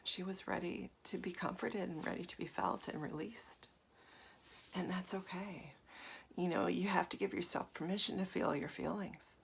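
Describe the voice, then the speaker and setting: A woman's voice: lowish voice, moderate pace, creaky, slight background noise. A woman in her forties giving a casual, confiding talk as a meditation teacher, often dropping to a half-whisper. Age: 40s. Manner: soft, confiding, with frequent fillers and laughs.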